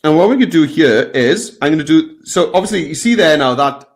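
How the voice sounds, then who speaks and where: A man hosting a live software lesson, chatting and guiding the viewers step by step. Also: a little high, expressive, brisk. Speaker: tutorial host.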